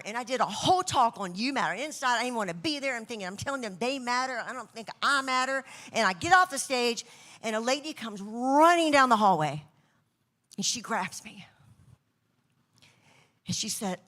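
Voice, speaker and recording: A woman telling a personal story in a church talk, swinging between loud bursts and soft, slow emphasis. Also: fairly high pitch, lively intonation. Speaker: speaker at church leadership event. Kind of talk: sermon-style storytelling.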